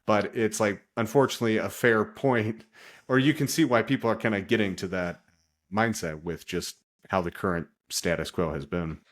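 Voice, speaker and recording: A man hosting a casual podcast interview, relaxed and loose, often saying "kinda" and "like". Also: fairly low pitch, normal speed. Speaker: podcast host.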